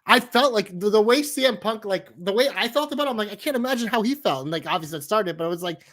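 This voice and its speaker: A man's voice: high voice, lively intonation, quick pace, a bit bright. A man co-hosting a wrestling podcast in casual, profane, enthusiastic chat. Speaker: podcast co-host.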